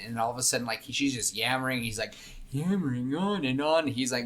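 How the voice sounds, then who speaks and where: A young man talks through a story idea on a podcast, rambling and jumping into characters' voices. His tone is bright and forward. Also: a little fast. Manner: rambling, acts out characters' lines while pitching a story. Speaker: podcast co-host. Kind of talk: casual brainstorming chat.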